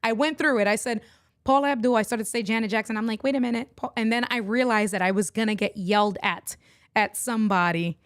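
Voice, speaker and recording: A woman's voice: fairly high pitch, a little fast, no echo, clean studio sound. A middle-aged woman hosting a casual livestream, chatting and laughing with her viewers as she goes. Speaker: livestream host and online entrepreneur.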